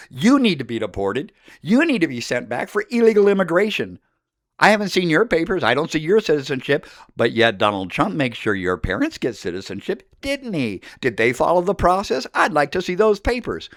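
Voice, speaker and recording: A middle-aged American man rails in an impassioned political monologue, pressing each point hard. His voice sits a little high for a man. The recording is dry and close, with no room sound. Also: big pitch swings, brisk, dry recording. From United States. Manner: angry, emphatic, direct address. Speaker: political commentator.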